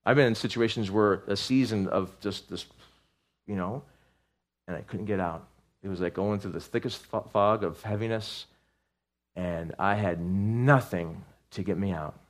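A man's voice: lowish voice, a little slow. A man preaching a sermon to a congregation, talking in an earnest, conversational way with restarts and asides, then rising into fervent outbursts as he reads scripture aloud. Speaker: pastor.

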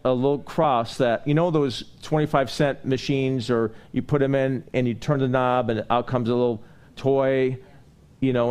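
This preacher has a smooth, medium-pitched voice. His sermon wanders through personal stories in a chatty way and gradually rises into animated preaching.

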